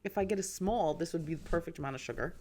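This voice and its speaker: A woman's voice: on the low side, fast, a little mellow. A woman co-hosting a casual podcast, ranting animatedly and swearing freely. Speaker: podcast co-host, bridal shop owner.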